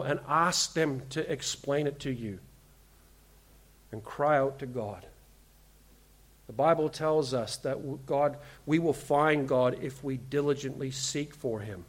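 A medium-pitched male pastor delivers a sermon in church, weaving in a story. His earnest pleading with the congregation grows until he lands points with forceful emphasis.

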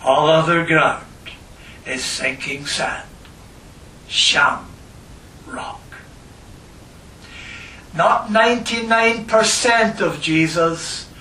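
A man preaching a sermon and reading scripture, slow and emphatic, repeating phrases for stress. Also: fairly high pitch, fairly bright tone, a little hiss or hum. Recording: echoey room, voice from a distance.

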